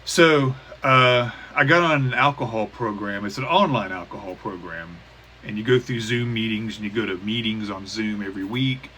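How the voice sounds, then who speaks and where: A man in his thirties talking haltingly in a personal recovery vlog, with many restarts and fillers. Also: on the low side, pushed and bright. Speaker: vlogger. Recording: poor cheap-mic sound with faint hiss.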